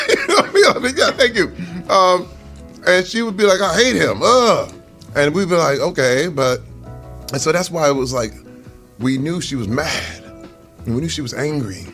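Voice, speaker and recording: A man's voice: on the high side, sing-song, normal speed, fairly bright tone, faint music behind. Earnest man telling stories over a meal. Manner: earnest, reflective storytelling. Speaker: interview guest. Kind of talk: casual interview over a meal.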